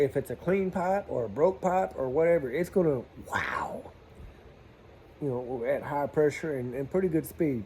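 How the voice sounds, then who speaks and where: A plumber spins a casual yarn in a slightly high voice. He chats in a folksy way and acts out the voices of the people in his story. Faint room ambience hums behind him. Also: dark tone, slight background noise. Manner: folksy, chatty, southern-style slang, acts out dialogue. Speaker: plumber telling stories.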